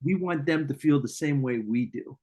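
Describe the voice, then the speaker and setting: A man's voice: a little high, normal speed, darkish tone. A man hosting a casual interview as a psychic medium, talking reflectively with many restarts and fillers. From Canada.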